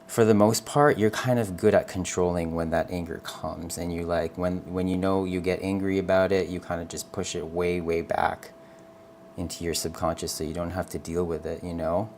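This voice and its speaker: A man giving a live tarot reading to viewers. He speaks in a gentle, earnest, reassuring way, calls the listener honey, and keeps checking in with "okay?". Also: sits low, little pitch movement, normal speed, a little hiss or hum. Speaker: tarot reader.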